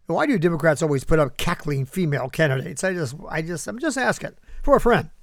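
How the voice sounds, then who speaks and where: Male commentary host, high voice, sarcastic asides, dry close sound. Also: animated, brisk, no room sound. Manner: sarcastic, talks back to an unheard listener. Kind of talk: political commentary.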